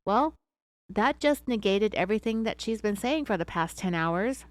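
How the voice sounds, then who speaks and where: A woman's voice: mid-range voice, animated, normal speed, dry recording. A woman hosting a true crime podcast, retelling an interrogation with sarcastic, opinionated asides. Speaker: podcast host.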